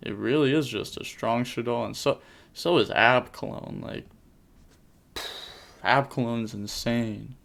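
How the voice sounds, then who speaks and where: A young adult man casually commentating card game replays, rattling off plays in quick bursts with jokey asides. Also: mid-range voice, creaky, fairly bright tone.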